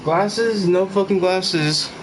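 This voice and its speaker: A gaming channel vlogger with a high voice talks slowly in a casual rant to camera from his bedroom at home, frustrated, exasperated and swearing constantly. The recording sounds roomy, with him far from the mic and a noisy background.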